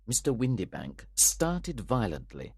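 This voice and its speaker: A man reading a story slowly and clearly for English learners, in a deliberate narration style. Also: medium pitch, wildly swooping pitch, darkish tone, no room sound, clean studio sound. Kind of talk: graded-reader narration.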